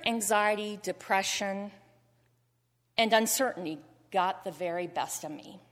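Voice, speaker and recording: A middle-aged woman speaks to a congregation, earnest and heartfelt, sometimes on the edge of tears. Her voice sits in a middle register and carries a long reverb from the church sanctuary. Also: medium pitch. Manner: heartfelt, earnest, gets choked up. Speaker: cancer survivor giving testimony. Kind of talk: personal testimony in church.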